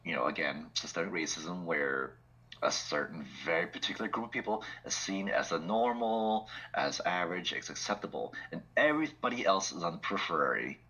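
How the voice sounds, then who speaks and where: A man's voice: low voice, lively intonation, a little fast, bright, forceful tone, husky, low-quality recording. A man co-hosting a podcast in casual political chat, laughing often and using many filler words. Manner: chuckling often, lots of "like" fillers. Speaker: podcast co-host.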